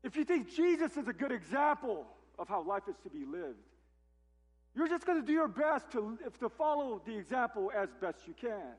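Pastor guy preaching, pitch up high and swinging around, long echo in the hall. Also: very animated, normal speed, husky. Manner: emphatic, with rhetorical questions. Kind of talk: sermon.

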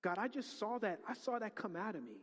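A middle-aged male pastor preaching a sermon, swinging from hushed, prayerful murmurs to loud, excited exclamations. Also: sits high, fairly quick, long reverb tail.

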